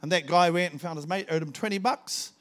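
A man's voice: fairly high pitch, fairly quick, a bit bright. Fervent New preacher man. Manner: fervent storytelling, rising to emphatic peaks. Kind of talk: testimony sermon.

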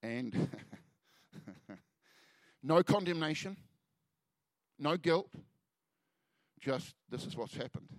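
A man's voice: a little high, dry recording. Earnest man preaching a personal story. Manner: earnest storytelling, halting restarts, soft drops in volume. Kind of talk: sermon testimony.

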